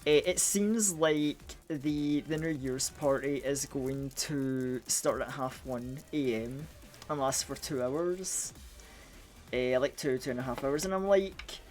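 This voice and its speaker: A man's voice: mid-range voice, slow, a little mellow, faint music behind. A man streaming a game, chatting casually and rambling with lots of restarts while groggy from a cold. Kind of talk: casual live gaming stream chat.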